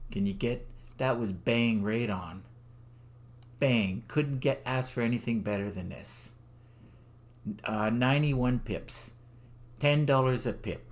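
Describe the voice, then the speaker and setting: A man's voice: on the low side, a little mellow. A middle-aged man walking through his trades on screen, rambling with fillers and getting enthusiastic over his wins. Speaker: forex trader selling a trading system. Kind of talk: screen-recorded trading walkthrough.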